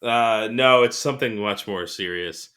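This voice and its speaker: A man's voice: lowish voice, measured pace. A man co-hosting a podcast, casually telling a story and chuckling as he goes. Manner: animated storyteller who chuckles through anecdotes. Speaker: podcast co-host.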